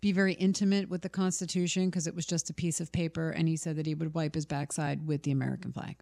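A woman's voice: sits low, flat delivery, quick pace, creaky, mellow. A female radio co-host speaking in a matter-of-fact, cautioning way. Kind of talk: radio talk.

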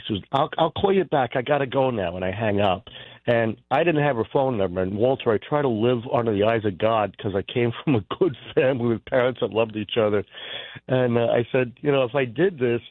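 A man's voice: mid-range voice, dry recording. A man calling into a radio show and telling a long personal story in a chatty way, laughing and acting out what others said. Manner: chatty storyteller, acts out voices in quotes, laughs often. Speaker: radio caller. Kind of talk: telling an anecdote on a call-in show. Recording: tinny phone line.

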